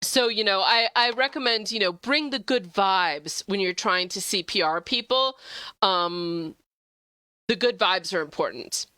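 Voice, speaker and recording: A young woman streaming a game, chatting with viewers in a bubbly, gushing way, jumping high when excited. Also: measured pace, clean tone, dry recording. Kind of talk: casual gameplay stream chat.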